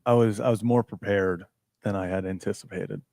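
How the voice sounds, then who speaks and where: A man's voice: fairly low pitch, steady tone, normal speed, mellow, no room sound, studio quality. A man co-hosting a sports talk show, laid-back, mostly giving short agreeing replies. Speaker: co-host.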